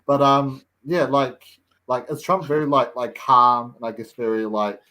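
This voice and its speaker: A man's voice: medium pitch, steady tone, moderate pace, bright, forceful tone. A man co-hosting a podcast, speaking casually with hesitant, filler-heavy phrasing. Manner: hesitant, lots of filler words. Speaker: podcast co-host. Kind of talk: casual chat.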